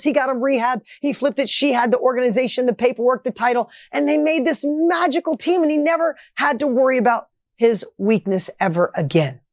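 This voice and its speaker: A middle-aged man telling a motivational story with energy and emphasis, his voice rising when excited. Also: very high voice, no room sound. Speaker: motivational speaker.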